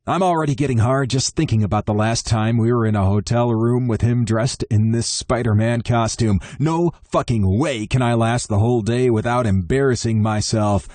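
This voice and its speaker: A man's voice: medium pitch, moderate pace, hardly any pauses, a little mellow, no echo. A man narrating a romance audiobook in first person, wry and conversational.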